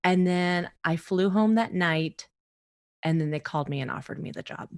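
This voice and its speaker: Lively laughing woman telling a story. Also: lowish voice, moderate pace, clear, resonant tone. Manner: lively, laughs often, acts out quoted voices. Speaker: comedian and show emcee, podcast guest. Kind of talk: storytelling in a casual interview.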